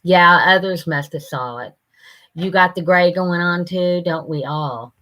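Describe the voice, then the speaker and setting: An older woman, chatting casually on a live stream, rambling and halting with lots of fillers. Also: fairly low pitch, sharp tone. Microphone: computer camera mic.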